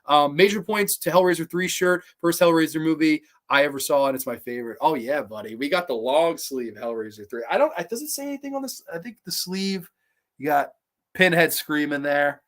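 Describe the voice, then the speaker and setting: A man's voice: a little high, expressive, a little fast, fairly bright tone. Rambling, foul-mouthed young man. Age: young adult. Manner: rambling, heavily profane, many restarts. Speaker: livestream host. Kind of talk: casual livestream chat reading comments.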